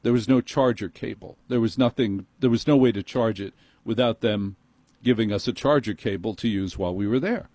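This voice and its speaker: A man's voice: fairly low pitch, brisk, a little mellow, no room sound. A middle-aged man with a New York accent telling a story as an exasperated, ranting comic monologue.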